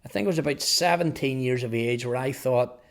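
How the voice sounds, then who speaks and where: Northern irish man, fifties, gravelly voice, earnest testimony, halting repeats. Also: medium pitch. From Northern Ireland. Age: 50s. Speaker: testimony speaker. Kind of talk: personal testimony storytelling.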